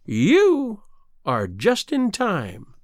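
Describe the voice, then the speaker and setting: A man's voice: sits high, huge pitch swings, extremely slow, dry recording, studio quality, pitched above the performer's own voice, exaggerated voice. A man voicing a cruel, mocking old female sea witch in a storybook reading, with a gloating, menacing delivery.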